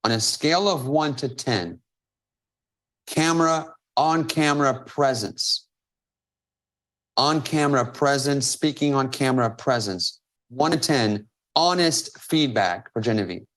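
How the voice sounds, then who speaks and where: A man's voice: mid-range voice, a little slow, fairly bright tone. A man hosting a live-stream coaching Q&A over a video call. He is emphatic and repeats phrases for stress. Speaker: host and business coach.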